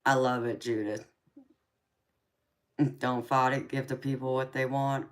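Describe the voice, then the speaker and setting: Deep-voiced Southern woman, unhurried drawl. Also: level tone. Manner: calls viewers baby, darling and doll; laughs often between remarks. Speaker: tarot reader hosting a live chat. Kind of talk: casual live-stream chat.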